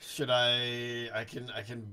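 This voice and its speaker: A man's voice: mid-range voice, completely flat delivery, slow pace, crowd noise. A man co-hosting a casual game livestream, chatting while he tests his microphone levels. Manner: chatty, testing his mic. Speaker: co-host streamer.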